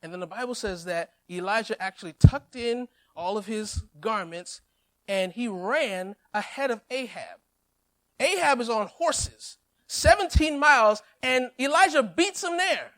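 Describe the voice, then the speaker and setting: A male pastor preaching a sermon, telling a Bible story with lively humor and acted-out quotes. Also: very high voice, a little slow.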